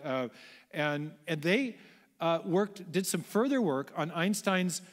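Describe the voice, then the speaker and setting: Guy with a high voice giving a lecture in a big church, lots of echo, animated and emphatic. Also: slow. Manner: animated storytelling, emphatic with rhetorical questions. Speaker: guest lecturer. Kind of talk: public lecture. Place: large church auditorium. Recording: long church-hall reverb.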